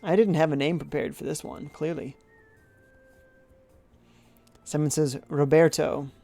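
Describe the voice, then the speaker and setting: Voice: mid-range voice, steady tone, a little slow, gravelly, dark tone, faint music behind. A game streamer giving live commentary, reading viewers' chat aloud and musing and humming while deciding things. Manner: chatty, muses aloud, hums while thinking.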